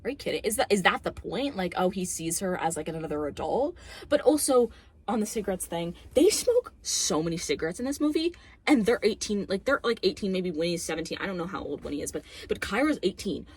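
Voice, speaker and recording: A young woman ranting casually about a movie, sarcastic and expressive, swearing often. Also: fairly low pitch, fairly quick, slightly rough. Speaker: movie reviewer.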